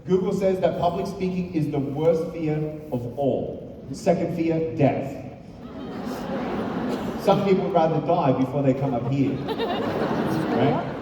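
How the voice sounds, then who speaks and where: Animated man speaking in an echoing hall. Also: a little high, noisy background. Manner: animated, uses rhetorical questions. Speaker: motivational speaker. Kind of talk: storytelling speech to a live audience. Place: large hall on stage. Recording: echoey hall from far off.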